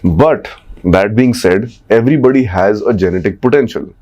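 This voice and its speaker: A man's voice: on the low side, normal speed, a little mellow, muffled recording. A man with an Indian English accent, coaching on speaking and voice in a podcast conversation, checking in often with "right?". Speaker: communication coach.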